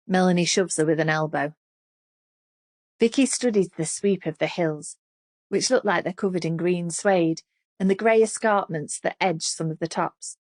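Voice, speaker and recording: Expressive woman narrating an audiobook. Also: lowish voice, normal speed, no room sound, studio quality. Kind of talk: scripted narration.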